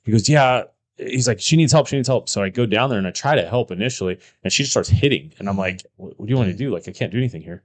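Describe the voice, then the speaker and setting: A man with a lowish voice tells old police stories in a loose podcast chat. He acts out what people said and swears freely. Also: very fast, hardly any pauses. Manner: animated storyteller, acts out quotes, swears freely. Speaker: podcast co-host, former police officer. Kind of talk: casual storytelling chat.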